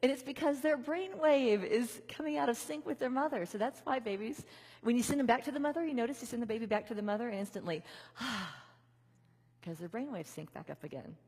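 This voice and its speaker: A woman's voice: a little high, brisk, a little mellow, husky. A woman minister giving a conversational sermon, leading her congregation in repeated affirmations. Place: large church venue. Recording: reverberant hall.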